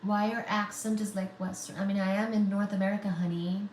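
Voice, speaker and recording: A woman's voice: mid-range voice, fairly even intonation, a little fast, a little mellow, echoey room, slight background noise, poor audio. A woman from India hosting a physics channel livestream, reading viewer comments aloud and answering them in a teasing, chatty way. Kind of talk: casual livestream chat.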